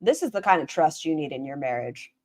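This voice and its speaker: Sarcastic woman streamer with an animated voice that swings up and down. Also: low voice, brisk. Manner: snarky, animated, mocking. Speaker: stream host reacting to a video. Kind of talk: casual commentary.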